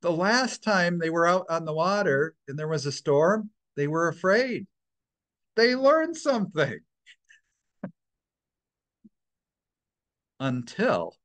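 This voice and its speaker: A man's voice: fairly high pitch, rough recording. A man leading a church Bible study, teaching in an informal, conversational way with fillers and restarts.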